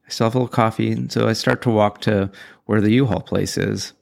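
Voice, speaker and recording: Gravelly-voiced man telling a frustrating story. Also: lowish voice, fairly even intonation, brisk, a little mellow. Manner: rambling, exasperated, self-deprecating retelling. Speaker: vlogger telling a personal story. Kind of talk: casual storytelling.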